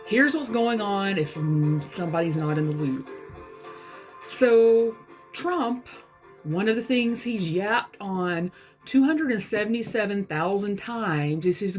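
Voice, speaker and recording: A woman from the American South with a Southern US accent, talking bluntly and with exasperation in a casual vlog. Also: lowish voice. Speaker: vlogger. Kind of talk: casual talk to camera.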